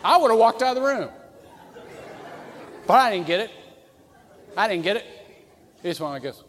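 Male pastor, high and very expressive, jokey storytelling sermon, echoing sanctuary. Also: normal speed, a faint crowd. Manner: animated and humorous, acting out quoted voices. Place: church sanctuary. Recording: reverberant church hall.

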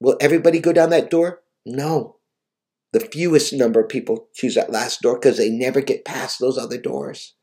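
A man's voice: mid-range voice, fairly even intonation, moderate pace, mellow. A man preaching, recounting a vision and exhorting his listeners in an earnest, emotional way. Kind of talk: devotional vision account and exhortation.

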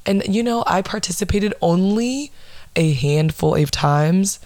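Young woman host, deep-set voice, dry close sound, foul-mouthed comic ranting storyteller. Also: animated, measured pace, darkish tone, dry recording. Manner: blunt, heavy swearing, dramatic asides. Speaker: podcast host. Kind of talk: casual profane storytelling rant.

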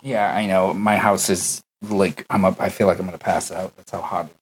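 A man's voice: low voice, fairly even intonation, normal speed, noisy background. Self-mocking man streamer on a call. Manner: self-mocking, stumbling over words. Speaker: streamer and podcast co-host. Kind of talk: casual chat. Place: home, on an online voice call.

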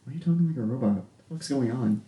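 Lively swearing man in an echoey room. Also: mid-range voice, fast talker, muffled recording. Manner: joking, swearing, laughing. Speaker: podcast host. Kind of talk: casual chat.

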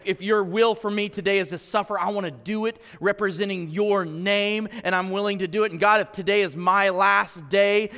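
A middle-aged man preaches in a church, his voice pitched high and bright. He talks conversationally, dropping to quiet stretches and then building up to emphatic appeals. A long reverb from the hall trails behind every phrase. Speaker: pastor. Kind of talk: sermon.

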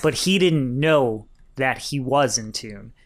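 A man co-hosting a film podcast, retelling scenes in an animated way and acting out the lines. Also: medium pitch, slow pace. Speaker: podcast co-host. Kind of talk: casual film review chat.

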